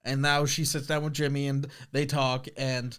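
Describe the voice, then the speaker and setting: A man's voice: mid-range voice, little pitch movement, normal speed, a bit bright, clear, resonant tone. A man co-hosting a comedy movie podcast, recapping scenes casually and joking as he acts out quoted lines. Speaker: podcast co-host.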